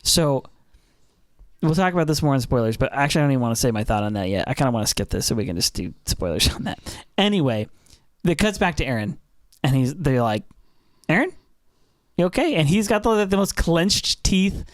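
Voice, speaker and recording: A man's voice: medium pitch, very animated, fairly quick, no echo, studio quality. A young man co-hosting a casual podcast, recapping an anime episode with lots of fillers and restarts. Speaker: podcast co-host.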